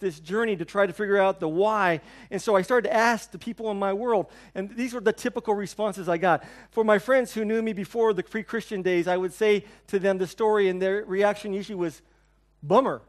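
A man preaches with a fairly high voice, telling a personal story in an earnest, conversational way. He often dips into hushed, near-whispered phrases for emphasis before lifting his voice again. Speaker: pastor. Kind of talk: sermon. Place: church hall before a congregation.

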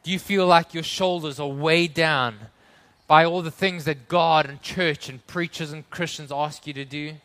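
A man preaching a sermon in church, earnest, building to emphatic lines and then dropping to hushed tones. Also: fairly high pitch, fairly even intonation, measured pace.

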